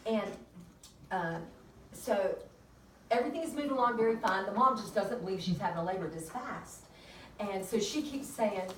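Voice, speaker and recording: A midwife with a medium-pitched voice and moderate pace chattily tells a birth story to colleagues as casual storytelling at a peer review, laughing often. It's a roomy room recording, distant and noisy.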